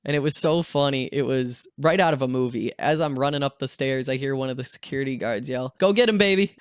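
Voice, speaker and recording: A young man telling a story in a casual, animated vlog style, swearing freely and acting out the voices of the people in it. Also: mid-range voice, brisk, smooth, no echo, studio quality. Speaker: vlogger.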